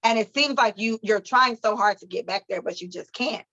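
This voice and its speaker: A woman co-hosting a podcast, chatting casually with profane, animated storytelling. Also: fairly high pitch, normal speed, highs cut off. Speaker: podcast co-host. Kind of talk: casual chat.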